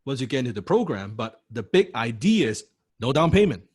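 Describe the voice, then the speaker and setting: Husky-voiced guy lecturing a course, keeps going "right?", blunt, swears now and then. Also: mid-range voice, big pitch swings, fairly quick, darkish tone. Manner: punchy, rhetorical, keeps asking "right?"; blunt, occasionally swears for emphasis. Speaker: course instructor.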